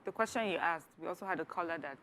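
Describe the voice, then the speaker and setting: A woman co-hosting a TV talk show, making measured, reflective points in a panel discussion. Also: on the low side, fairly bright tone, a little hiss or hum. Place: TV studio.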